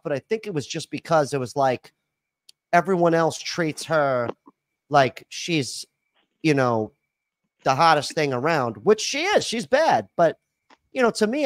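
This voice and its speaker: A man's voice: a little high, big pitch swings, normal speed, no room sound. A man hosting a podcast in casual chat, rambling with lots of fillers and restarts. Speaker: podcast host.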